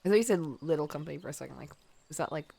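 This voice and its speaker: A woman's voice: sits low, lively intonation, very fast, vocal fry, warm tone, breathy edge. A woman streaming while she draws, sick and coughing, chatting casually and laughing at herself. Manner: chatty, self-deprecating, laughs often. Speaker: streamer drawing live. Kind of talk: casual chat while drawing.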